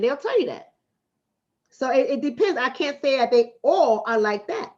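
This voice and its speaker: A woman's voice: high voice, animated, moderate pace, a bit bright, muffled recording. A woman from the Bronx, hosting a casual livestream and answering her chat in a blunt, streetwise way that repeats points for emphasis. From the Bronx, New York City. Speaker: livestream host and relationship coach.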